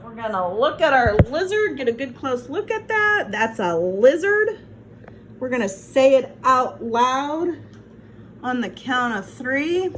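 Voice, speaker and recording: A woman teacher leading a phonics lesson on her phone, sounding out words slowly and patiently. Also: high-pitched, big pitch swings, a bit bright, slight background noise, low-quality recording. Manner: slow, patient, encouraging sounding-out. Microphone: phone, set down and picked up.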